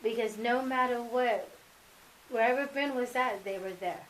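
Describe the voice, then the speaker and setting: A mother speaking as an interview guest, telling family stories in a casual, animated way and acting out remembered dialogue. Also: on the high side, normal speed, slight background noise, rough recording. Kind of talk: casual sit-down interview storytelling.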